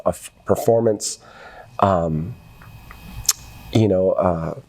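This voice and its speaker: A middle-aged man speaks as a guest on a podcast in a low, mellow voice. He talks earnestly, with feeling, in a relaxed interview. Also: slow. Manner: earnest, emotional when talking about his son. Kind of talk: casual interview conversation.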